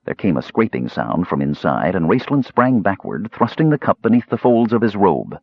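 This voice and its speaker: A low-voiced man reads a fantasy novel aloud with dramatic, animated pitch. His voice is somewhat husky, and the recording is dry and a little dull. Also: moderate pace, no room sound. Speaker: audiobook narrator. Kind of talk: scripted narration.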